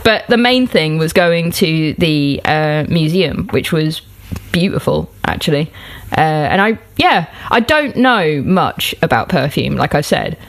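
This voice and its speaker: Young woman, lowish pitch, casual podcast chat, self-mocking. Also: sing-song, a little slow, few pauses. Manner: chatty, laughs often, self-mocking. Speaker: podcast guest.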